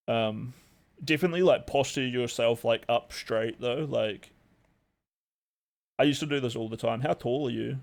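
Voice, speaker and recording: Young aussie guy on a stream, gravelly voice, rambly and sweary, lots of likes and ums. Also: medium pitch, normal speed, long pauses. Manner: rambling, heavy swearing, many fillers. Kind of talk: casual live-stream chat.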